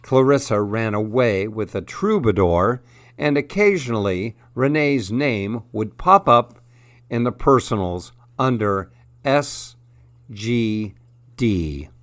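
A man hosting a radio program, reading funny stories and poems aloud in a deadpan way. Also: on the low side, slow, no room sound. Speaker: radio host.

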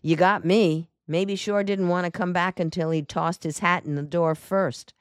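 A woman voicing a confident male lawyer in an audiobook, speaking briskly and assuredly. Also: on the low side, fairly even intonation, no echo, studio quality, voice pushed up, natural voice.

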